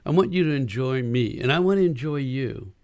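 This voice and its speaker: A man's voice: medium pitch, brisk, no echo. A man co-hosting a marriage podcast, coaching listeners in casual chat and acting out quoted lines with energy. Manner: animated, acts out quoted lines.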